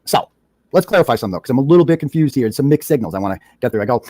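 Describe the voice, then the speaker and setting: A man's voice: mid-range voice, lively intonation, racing, dark tone, no echo, clean studio sound. A man sarcastically retelling a text exchange in a casual recap, with a mocking manner. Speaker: commentator reading his own text messages.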